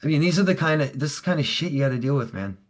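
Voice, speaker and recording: A middle-aged man, a relationship coach, talking straight to viewers in a heated, profane way, swinging between loud outbursts and low, quiet stretches. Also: lively intonation, fast. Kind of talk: casual monologue to viewers.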